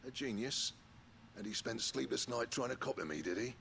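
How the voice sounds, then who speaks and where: An actor playing a gruff, stubborn older blacksmith in a video game, with a gravelly voice and a dry, grudging manner. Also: male voice, medium pitch, animated, moderate pace, pushed and bright, slight background noise.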